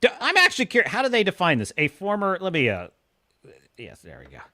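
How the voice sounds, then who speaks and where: A man's voice: sits high, huge pitch swings, fast talker, pushed and bright, no room sound. A young man ranting scornfully during a live stream, often breaking into laughter as he reacts to reviews.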